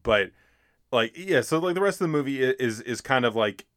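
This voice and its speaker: A man's voice: mid-range voice, animated, brisk, a bit bright, dry recording, clean studio sound. A man co-hosting a podcast, chatting casually about old films with many fillers and restarts. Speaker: podcast co-host. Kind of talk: casual film discussion.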